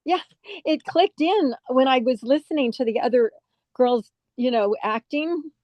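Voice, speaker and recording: An older woman from California chats through an interview, laughing as she tells stories. Her voice sits a little high. The recording is dry and somewhat muffled. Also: a little slow, no echo. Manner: chatty, laughs often while telling stories. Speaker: guest actress. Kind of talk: casual interview chat. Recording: dull, dry lo-fi sound.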